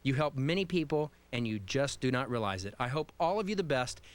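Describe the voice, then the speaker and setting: A man's voice: mid-range voice, animated, a little fast. A man hosting a live call-in radio show, upbeat and joking as he reads a listener email and talks to a caller. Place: radio studio.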